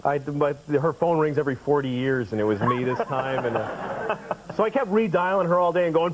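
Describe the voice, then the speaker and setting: A man's voice: a little high, lively intonation, brisk, background noise. A man doing stand-up comedy, telling stories and acting out other characters in quoted voices, often laughing through his lines. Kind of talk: stand-up and talk-show storytelling.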